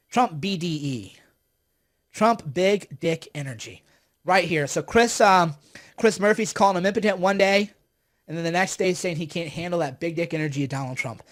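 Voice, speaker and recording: Male live-stream pundit, high voice, angry and mocking, ranting off the cuff. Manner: heated, sarcastic, repeats himself. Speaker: political commentator. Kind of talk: live-stream political rant.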